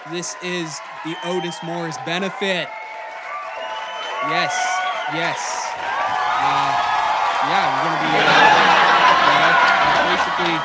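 A man's voice: fairly high pitch, fairly even intonation, heavy background noise. A man hosting a comedy podcast, mock-desperately begging for money and swearing freely. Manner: mock-desperate, begging, profane, spells slowly. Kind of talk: comedic monologue.

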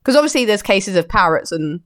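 A woman's voice: medium pitch, very animated, brisk. A woman co-hosting a casual podcast, chatty and giggly as she reads out odd news stories. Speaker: podcast co-host.

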